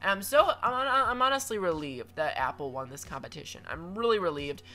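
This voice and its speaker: A man's voice: sits high, animated, brisk, pushed and bright, soft background music. A young man giving chatty, playful commentary over a video game, with lots of stammered restarts and mock-dramatic asides. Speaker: gaming commentator.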